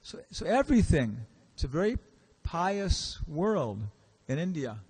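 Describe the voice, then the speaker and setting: A man's voice: on the high side, big pitch swings, measured pace, darkish tone, husky. Chatty American man giving a lecture. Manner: chatty, acts out quoted characters, asks the audience questions. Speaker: visiting lecturer. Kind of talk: casual storytelling lecture. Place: temple hall.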